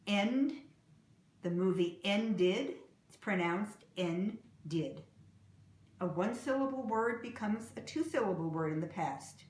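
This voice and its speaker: A woman teaching English pronunciation, saying example words slowly and clearly and repeating them. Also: mid-range voice, animated, darkish tone, reverberant, slight background noise. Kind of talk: slow, deliberate pronunciation lesson.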